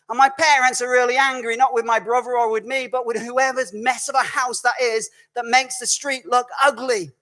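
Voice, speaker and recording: Man telling a storytelling sermon. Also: very high-pitched. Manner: conversational, animated storytelling with self-corrections. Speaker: guest preacher. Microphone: recorded video message.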